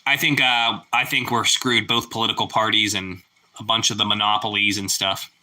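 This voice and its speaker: A young man hosting a casual live chat with viewers, relaxed and chatty, breaking into loud whoops of delight. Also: on the low side, moderate pace. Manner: relaxed, chatty, exclaims "woo" over food. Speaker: livestream host.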